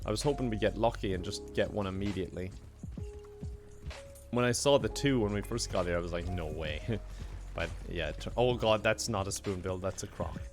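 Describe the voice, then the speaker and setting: A young man chats loosely through a game stream, laughing easily as he thanks viewers. His voice sits low with a gravelly, creaky edge, and soft music plays behind him. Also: fairly quick. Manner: chatty, laughs often, reads out donations. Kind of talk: casual live-stream chat while gaming.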